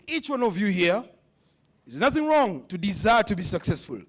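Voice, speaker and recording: A man's voice: high voice, very animated, brisk. A man speaking at a leadership summit, giving a motivational speech that repeats questions to the audience. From West Africa. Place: conference hall.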